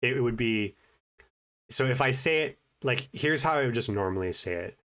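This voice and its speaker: A man giving a casual spoken update, with a naturally mumbling voice, a self-conscious, low-key manner, and many fillers and restarts. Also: brisk, fairly bright tone. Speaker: vlogger, language learner.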